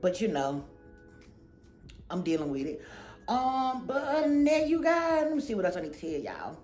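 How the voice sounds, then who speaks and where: A woman's voice: mid-range voice, huge pitch swings, moderate pace, a little mellow, faint music behind. Chatty goofy woman vlogger in an echoey room. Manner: chatty, goofy, rambling, slangy. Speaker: channel host. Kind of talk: casual haul chat to camera.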